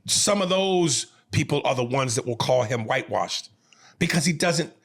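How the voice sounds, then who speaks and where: Gravelly, animated New York man. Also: medium pitch, normal speed. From New York City. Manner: animated, profane, emphatic, frequent restarts. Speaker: podcast co-host. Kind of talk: casual podcast chat.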